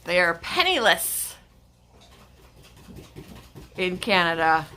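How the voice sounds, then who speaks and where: A woman's voice: fairly low pitch, sing-song, slow, pushed and bright, slight background noise. A woman from Michigan hosting a casual livestream chat from home, rambling and laughing often. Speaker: livestream host. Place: home, with her dog.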